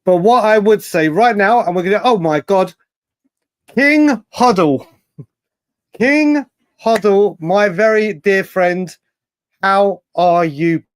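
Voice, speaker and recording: A man hosting a late-night live fan stream, reading viewer messages and bantering in a rambling, excitable way with lots of slang. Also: sits high, unhurried, no room sound, studio quality. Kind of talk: live stream chat reading super chats.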